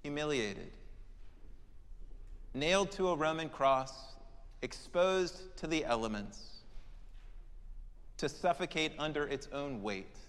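Male preacher, sermon, dramatic swings from loud to hushed, fairly high voice, long church reverb. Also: lively intonation, slow pace, pauses often. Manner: dramatic, swinging between loud emphasis and hushed prayerful tones.

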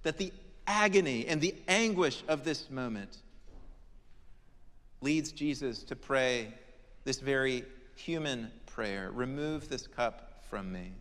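A man delivers a sermon in a church, his fairly high voice rising into emphatic declarations and then dropping to hushed, prayerful lines. His words carry a long reverb through the large sanctuary. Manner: dramatic, swinging between loud emphasis and hushed prayerful tones. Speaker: preacher.

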